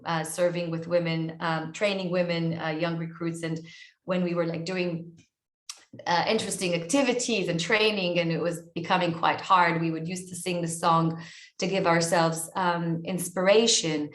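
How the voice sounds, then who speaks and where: A woman's voice: lowish voice, steady tone, normal speed, roomy sound. A woman with an Israeli accent, an author and coach speaking earnestly in an online interview, often repeating words as she searches for her phrasing.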